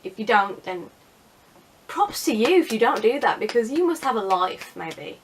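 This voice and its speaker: A woman's voice: on the high side, big pitch swings, normal speed, a little hiss or hum. A young woman chatting casually in a vlog, sarcastic and self-mocking. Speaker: vlogger.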